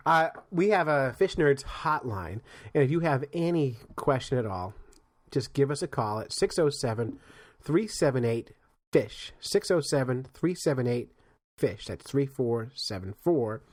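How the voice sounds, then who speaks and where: A man's voice: medium pitch, unhurried, no room sound, studio quality. A man co-hosting a casual podcast, telling stories with lots of energy and laughing often. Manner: animated storytelling, mimics frog screams, laughs often. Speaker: podcast co-host. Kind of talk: casual chat.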